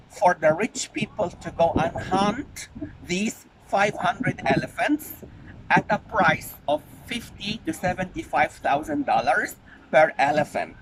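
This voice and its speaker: A man making an earnest, pleading spoken appeal for animal welfare, repeating his key points. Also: high-pitched. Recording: noisy background.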